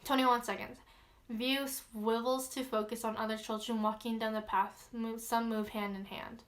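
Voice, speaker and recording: A woman with a slightly raised pitch reads a creepy log aloud in a loose, casual way. She is chatty and easily spooked, and she fills her pauses with ums. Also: level tone, fairly bright tone. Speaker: vlogger.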